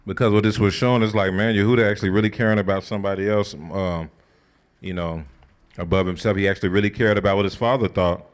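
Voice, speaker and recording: A man leading a scripture study, retelling the story in a colloquial, conversational and animated way. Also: on the low side, fast, clean tone. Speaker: Bible study teacher. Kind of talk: casual sermon-style scripture teaching.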